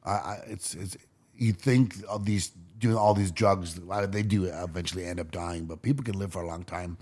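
A man co-hosting a podcast, chatting casually and rambling with halting restarts. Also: deep voice, steady tone, darkish tone. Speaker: podcast co-host. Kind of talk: casual chat.

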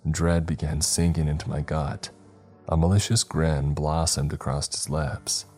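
Deep-voiced man narrating horror stories. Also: soft background music. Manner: steady, measured storytelling. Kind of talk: scripted horror story narration.

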